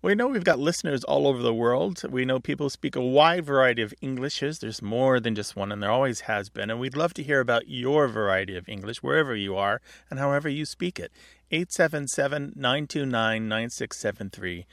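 A man co-hosts a radio talk show on language, explaining pronunciations with a dry, knowing humor. His voice sits at an average pitch and carries a gravelly fry. The studio sound is close and dry. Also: fairly bright tone, dry recording. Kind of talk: casual radio chat about language.

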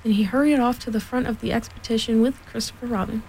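A woman reads a children's storybook aloud in a gentle, unhurried voice. Her tone is mellow and a little high, and soft rain patters faintly behind her. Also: steady tone, slight background noise, poor audio. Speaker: reader.

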